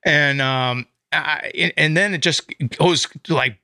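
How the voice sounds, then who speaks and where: A man chatting excitedly about a horror movie, swearing often and acting out his own reactions. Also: on the high side, slow, clear, resonant tone, no echo, studio quality. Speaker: podcast co-host. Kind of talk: casual movie discussion.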